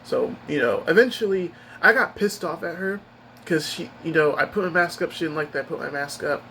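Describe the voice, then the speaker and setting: A man's voice: on the high side, fairly quick, vocal fry, sharp tone, slight background noise, poor audio. A man vlogging, telling a personal story in a rambling, upset way with many restarts.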